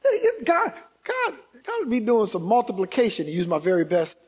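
A man preaching a sermon as pastor, animated, acting out quotes and building to shouts. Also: sits high, normal speed, husky. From Indiana.

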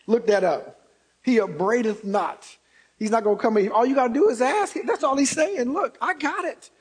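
A male pastor delivers a sermon in a fairly high voice. He is animated, slips into voices for the quotes he reads, and climbs to shouts when he drives a point home. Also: breathy edge. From Indiana.

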